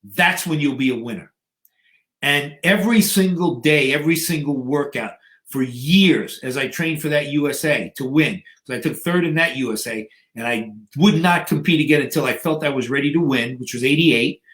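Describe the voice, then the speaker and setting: A man's voice: fairly high pitch, moderate pace, a bit bright. Man in his fifties telling a story dramatically. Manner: vivid, dramatic storyteller who acts out scenes. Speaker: guest, bodybuilder and fitness coach. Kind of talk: storytelling in an interview. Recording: echoey room.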